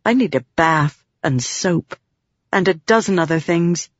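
This is a woman reading a headstrong young woman scholar from a storybook. She talks briskly and presses for answers, her voice fairly low. The recording is dull and dry. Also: animated, no room sound. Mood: insistent. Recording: dull lo-fi audiobook.

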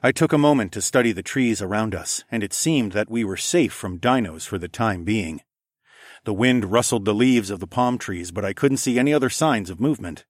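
A man with a fairly low voice narrating an audiobook in the first person. His delivery is steady and even. The recording is dry and close. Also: a little fast, no room sound.

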